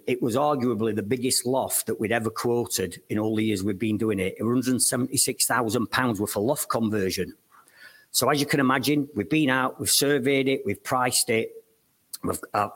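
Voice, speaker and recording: A husky man with a mid-pitched voice tells stories from his loft conversion business. He talks in a blunt, emphatic way as a podcast guest.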